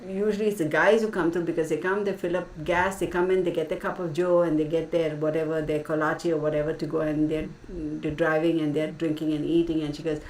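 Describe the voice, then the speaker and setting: A woman's voice: sits low, flat delivery, brisk, few pauses, a little mellow, far from the mic. A woman hosting a casual livestream, telling stories in a chatty way, laughing often and saying y'all. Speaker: channel host. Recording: echoey room from off-mic, faint hiss.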